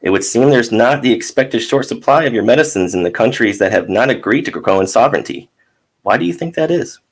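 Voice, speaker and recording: A man's voice: mid-range voice, lively intonation, a little fast, husky. A man voicing a pushy male reporter in a comic book read-aloud, asking insistent, probing questions.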